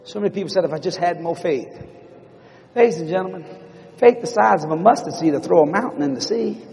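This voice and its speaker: A middle-aged male preacher telling a story in a sermon in a church, animated and breaking into loud exclamations. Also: high voice, fast, vocal fry, in a large hall, faint music behind. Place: church building.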